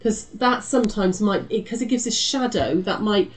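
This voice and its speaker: A middle-aged British woman hosts a live quilting tutorial as a shop host, chatty and reassuring, calling her viewers "lovely" and "love." She speaks British English at a moderate pace, with a medium pitch and lively intonation. A little hiss or hum is audible.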